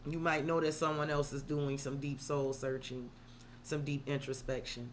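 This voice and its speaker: A woman's voice: rumbling low, little pitch movement, normal speed, a little hiss or hum. A woman tarot reader on a live stream, talking openly and emotionally to her viewers and swearing freely. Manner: talks straight to viewers, calls them girl and sis.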